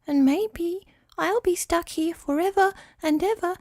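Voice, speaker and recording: A woman's voice: very high voice, a little slow, a little mellow, no echo, clean studio sound. A woman voicing a frightened baby unicorn in a children's storybook, her words gushing out. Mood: anxious.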